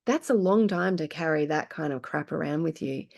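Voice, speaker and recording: A woman in her forties speaks as a guest in a casual chat, earnest and emotional. Her voice sits somewhat low, and her sentences break off and restart as she feels her way through the story. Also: normal speed, gravelly, a little mellow. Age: 40s.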